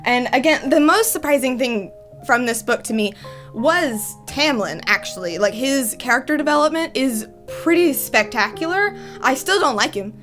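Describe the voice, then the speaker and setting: A young woman with a high, bright voice gushes through a book review, piling up "like" and "oh my God" as she talks. Her chatter is excited and fangirlish. Soft music runs faintly underneath. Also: normal speed. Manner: gushing fangirl chatter, many fillers and exclamations.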